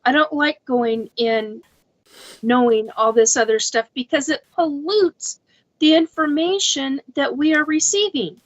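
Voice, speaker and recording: A woman's voice: sits high, unhurried, rough recording. A woman co-hosting a paranormal podcast, talking emphatically and repeating words as she thinks aloud. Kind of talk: casual podcast discussion.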